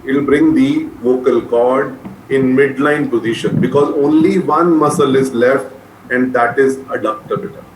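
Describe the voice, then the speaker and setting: A man with an Indian English accent teaching medical students, dictating notes slowly and repeating each point, often calling them beta. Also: medium pitch. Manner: repetitive, addresses listeners as beta. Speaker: medical lecturer. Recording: echoey room with faint noise.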